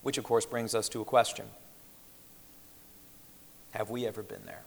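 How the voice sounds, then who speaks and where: A man preaching a sermon in an earnest, measured way, slowing down to stress the scripture he quotes. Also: lowish voice, flat delivery, gravelly, a little hiss or hum. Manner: earnest, measured, with slowed emphatic quotations. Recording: reverberant hall.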